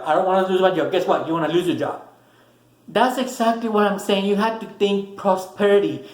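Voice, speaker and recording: A man's voice: sits high, reverberant, low-quality recording. A man giving a casual, earnest motivational talk to camera, repeating words for emphasis. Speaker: motivational vlogger.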